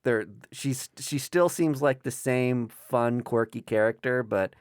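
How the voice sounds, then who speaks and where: A man's voice: medium pitch, slow, clear, resonant tone, no room sound, studio quality. A man co-hosting a podcast, chatting casually and jokingly about comics, swearing now and then. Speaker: podcast co-host.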